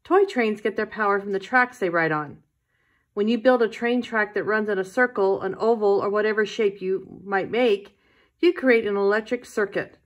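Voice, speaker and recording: A woman teaching a Sunday school lesson, telling a Bible story to children in a gentle storytelling way. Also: medium pitch, moderate pace.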